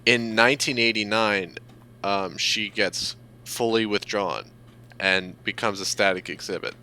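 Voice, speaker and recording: A man's voice: on the low side, fairly even intonation, unhurried, bright, forceful tone, low-quality recording. A man co-hosting a podcast, recounting facts in a matter-of-fact, casual way. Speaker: podcast co-host. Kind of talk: casual chat, recounting history.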